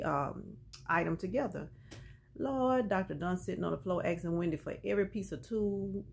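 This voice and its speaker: A chatty woman tells a TV episode's story in a lively, casual way, dropping in colloquial asides. Her voice sits a little low. A faint background noise hangs under it. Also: gravelly. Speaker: TV episode recapper.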